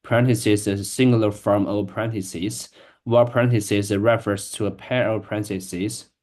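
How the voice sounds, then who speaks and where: A man practicing English reading aloud, speaking in a halting, hesitant way with many restarts. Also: lowish voice, fairly even intonation, a little mellow. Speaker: English learner.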